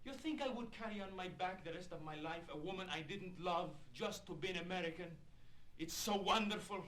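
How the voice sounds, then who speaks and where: A man's voice: high voice, sharp tone, reverberant. An actor playing a proud, passionate young male Italian immigrant who speaks with an Italian accent, his tone shifting from pleading to angry. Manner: pleading, flaring into proud anger. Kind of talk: film drama acting.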